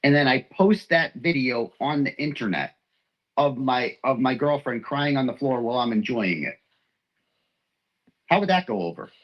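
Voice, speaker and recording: A man's voice: mid-range voice, moderate pace, lo-fi sound. Hurt, rambling man from Texas ranting. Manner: rambling, profane, hurt and heated. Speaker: livestream host. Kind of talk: emotional livestream rant.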